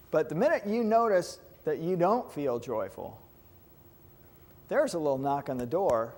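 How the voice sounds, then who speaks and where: A man with a slightly higher than average voice lectures a class of students. His delivery is loose and conversational, and he often stops to ask the room whether they follow. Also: a little mellow. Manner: conversational, asks the class questions. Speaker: hypnotherapy lecturer.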